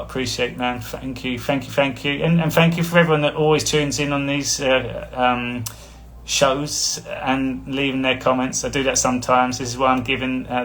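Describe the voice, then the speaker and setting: A man talks off the cuff on a live stream in a middle-pitched voice. He rambles, speaks bluntly and chuckles between thoughts. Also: a bit bright. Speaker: spiritual coach hosting a live stream. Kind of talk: casual livestream talk.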